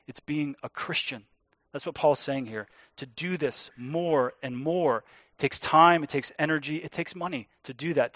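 A man preaching a sermon as pastor, earnest and emphatic, slowing down to stress key words. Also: a little high, a bit bright, no echo, studio quality.

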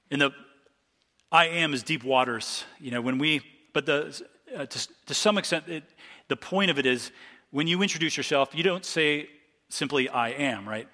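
A man's voice: mid-range voice, moderate pace, bright, forceful tone, big-room sound. A male pastor from Ohio giving a conversational expository sermon, stopping often to restart his sentences and reading scripture aloud. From Ohio, USA.

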